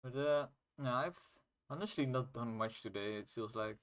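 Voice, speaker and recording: While he playtests his own game live, a young indie developer rambles in a relaxed way, swearing here and there. English isn't his first language. He talks at a moderate pace with a medium pitch and a fairly bright tone.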